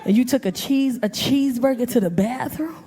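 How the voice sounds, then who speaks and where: A woman's voice: high-pitched, fairly quick, a little hiss or hum. Brash woman in her forties doing stand-up. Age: 40s. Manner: brash, loud and profane storytelling, acting out voices. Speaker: stand-up comedian. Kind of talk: stand-up comedy set. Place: comedy club stage. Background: audience laughter.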